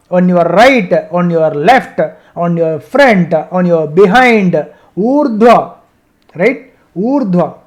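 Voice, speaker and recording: A man teaching a scripture discussion over a video call, chanting Sanskrit verses and then explaining them slowly, often checking in with "right?". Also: high voice, expressive, a little mellow. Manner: explains slowly, repeats points, asks "right?". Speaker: Gita teacher.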